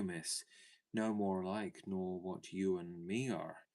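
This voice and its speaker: A friendly, gabby railway porter with a broad country dialect, as a man puts him on for a storybook. He rambles along in a homely way, his voice sitting very low. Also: darkish tone. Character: chatty working-class male railway porter.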